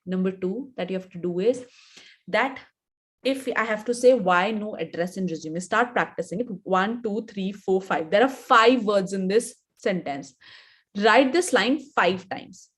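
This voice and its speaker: A woman's voice: medium pitch, unhurried, a bit bright. A woman with an Indian English accent, an image coach in her thirties, giving instructive advice in a live webinar and repeating her points for emphasis.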